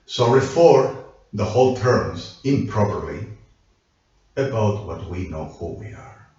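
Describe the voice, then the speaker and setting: A man's voice: fairly low pitch, animated, slow pace, a little mellow. A man in a rambling monologue, switching languages and apologizing again and again. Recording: echoey, distant, dull lo-fi.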